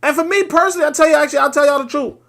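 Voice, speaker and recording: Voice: sits high, fairly even intonation, racing, vocal fry, a bit bright. A commentator reacting to a played clip in a blunt, profane and sarcastic way.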